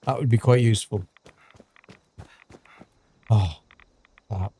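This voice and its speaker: A man's voice: medium pitch, expressive, unhurried, long pauses, darkish tone, no room sound. Man, rambling game commentary, lots of ums, dry close sound. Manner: chatty, rambling, many ums and restarts. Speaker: gaming streamer. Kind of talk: casual gameplay commentary.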